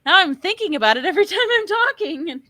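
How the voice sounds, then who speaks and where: A woman's voice: very high-pitched, animated, very fast, bright, forceful tone, dry recording. A woman from the northeastern United States in casual chat on a group art stream, talking chattily and laughing easily, with many "like"s.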